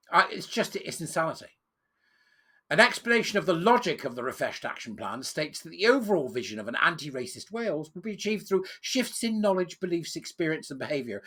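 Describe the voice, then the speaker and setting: A man's voice: on the high side, fairly bright tone, husky. A British man reading out a policy report and breaking off into sarcastic, scornful commentary. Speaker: political commentator. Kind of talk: reading news and ranting commentary.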